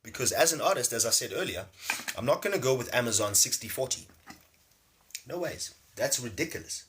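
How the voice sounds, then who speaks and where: A man's voice: mid-range voice, lively intonation, a little fast, a bit bright. Man teaching on a livestream. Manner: loose, emphatic, keeps asking "see?". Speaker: spiritual teacher and livestream host. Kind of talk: casual livestream teaching with chat shout-outs.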